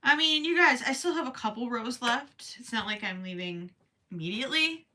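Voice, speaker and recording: A tired young woman with a Minnesotan accent chats on a crochet livestream and reads comments aloud between giggles. Her voice sits a little high and sounds bright and sharp, though it is strained from the late hour. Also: lively intonation, moderate pace. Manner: giggly, chatty, reading viewer comments aloud. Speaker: livestream host. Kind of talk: casual livestream chat while crocheting.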